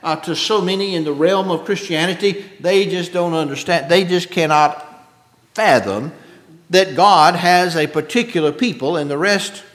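A man preaching an expository sermon with a drawn-out, emphatic cadence, often clearing his throat. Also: a little high, fairly bright tone. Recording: echoey hall with long reverb.

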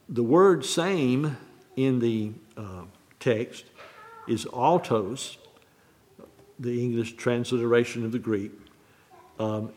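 A man preaching on a Bible verse, halting and restarting often, repeating key phrases slowly. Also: mid-range voice. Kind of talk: sermon, unscripted Bible teaching.

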